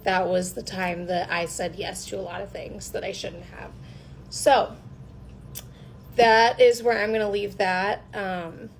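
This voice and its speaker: A woman's voice: mid-range voice, slight background noise, rough recording. A woman giving a casual collective tarot reading, rambling and chatty, often hesitating with ums. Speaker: tarot reader.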